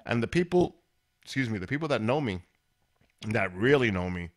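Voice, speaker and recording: A man's voice: fairly low pitch, animated, moderate pace. A man hosting his own live stream, chatting casually and rambling as he talks straight to viewers in chat.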